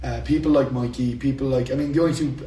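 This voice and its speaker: Irish podcast host, rambling and dry, recorded from a distance in an echoey room. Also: male voice, medium pitch, steady tone, quick pace, warm tone, a little hiss or hum. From Ireland. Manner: dry humour, rambling with fillers. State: sore throat. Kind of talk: casual podcast chat. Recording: roomy echo, off-mic, faint ambience.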